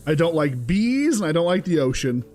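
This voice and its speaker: Young male streamer, lively and expressive, talks to chat, swears casually, music behind. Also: fairly high pitch, moderate pace. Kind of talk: casual gameplay commentary.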